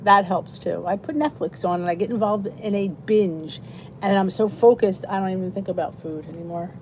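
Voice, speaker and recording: A woman's voice: mid-range voice, normal speed, background noise. A middle-aged woman hosting a casual live weight loss chat from a cozy room downstairs, chatting easily and greeting viewers by name as their comments come in.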